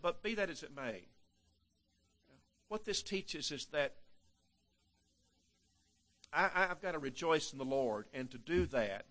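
An older male preacher giving a sermon, with emphatic delivery that swings between loud and hushed passages and frequent repeated words. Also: medium pitch.

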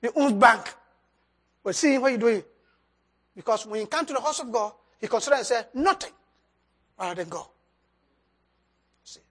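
A preacher giving a sermon and altar call, swinging between loud emphasis and soft drops, with loose grammar. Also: mid-range voice, lively intonation, normal speed, pauses often. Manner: loose, nonstandard English grammar.

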